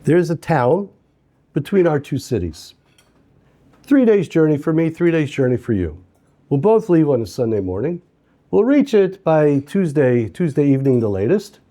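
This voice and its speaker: A man voicing an eager adult man who excitedly lays out a plan in a told story. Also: fairly high pitch, normal speed, pitched above the performer's own voice. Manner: upbeat, persuasive, animated. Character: eager adult man planning a reunion with his friend.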